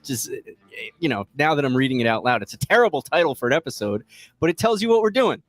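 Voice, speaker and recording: A man's voice: fairly high pitch, expressive, fast talker, fairly bright tone, no echo. A man hosting a casual trading livestream from his office. He rambles, jokes at his own expense and laughs often. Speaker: trading show host.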